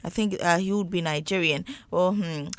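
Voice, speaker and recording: A woman's voice: lowish voice, normal speed, no echo. A woman co-hosting a morning radio show, reading listener comments with playful asides. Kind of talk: casual morning radio chat.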